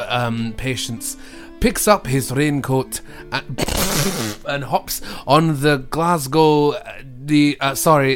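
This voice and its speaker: A man improvising a comedy story with a co-host, playful and laughing often. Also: medium pitch.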